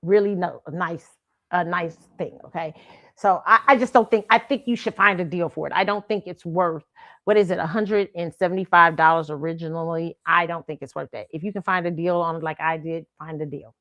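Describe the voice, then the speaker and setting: A woman's voice: fairly low pitch, a bit bright, no room sound. A woman hosting a casual commentary show. She talks chattily, often checks in with "okay?" and laughs easily. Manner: chatty, tag questions of "okay?", quick laughs. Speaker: host.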